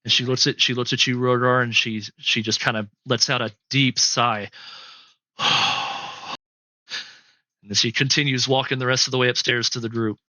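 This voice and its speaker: A man runs a tabletop game and narrates the scene, stopping and restarting often as he goes. His voice is bright and forward. The sound is dry and close to the mic. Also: medium pitch, flat delivery, no room sound. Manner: halting, filler-heavy storytelling. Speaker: game master.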